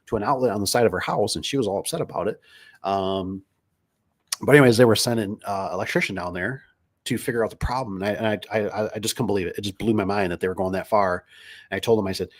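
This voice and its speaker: Rambling male streamer, casual and chatty, lowish voice, lots of fillers. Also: fast talker. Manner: rambling, storytelling with many fillers and restarts. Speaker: livestream host, garage door business owner. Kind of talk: casual livestream chat reading comments.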